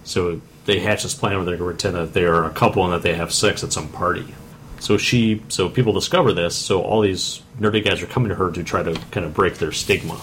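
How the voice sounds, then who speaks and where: Guy on a movie podcast reading blurbs, lowish voice, laughs a lot, faint hiss. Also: steady tone, fast, fairly bright tone. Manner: laughs often, reads synopses then comments. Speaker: podcast co-host.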